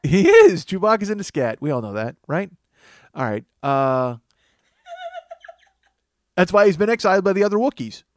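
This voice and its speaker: A man's voice: high-pitched, big pitch swings, normal speed, pauses often, no echo. A man hosting a comedy podcast alone, rambling in a self-mocking way, losing his train of thought and sounding tired from lack of sleep. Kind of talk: rambling solo comedy monologue.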